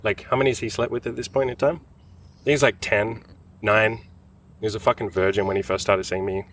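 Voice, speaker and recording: Fast, profane man talking in a park. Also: fairly low pitch, fairly even intonation, fairly bright tone, a little hiss or hum. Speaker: dating coach and podcast host. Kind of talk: casual chat. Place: outdoors in a city park. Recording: distant mic with outdoor ambience. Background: faint park ambience.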